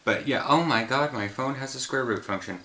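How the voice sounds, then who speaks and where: A man's voice: medium pitch, brisk, sharp tone, a little hiss or hum. A tired man after a run, hosting a casual chat about films and rambling, often trailing off mid-thought. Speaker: host. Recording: roomy echo.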